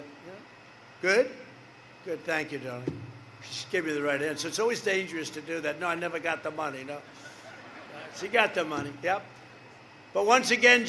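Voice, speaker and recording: A man's voice: high voice, pushed and bright, a little hiss or hum. An older man in his seventies giving a rambling, boastful rally speech outdoors, with asides to the crowd. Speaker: political rally speaker.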